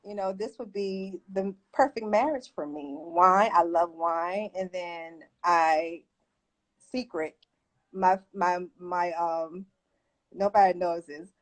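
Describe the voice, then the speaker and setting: Woman guest chatting in an interview, lots of little laughs, jumps up high when she acts out what she thought. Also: slow pace, low-quality recording. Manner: animated, laughs often, lively quoted asides. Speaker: guest, entrepreneur. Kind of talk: casual interview storytelling.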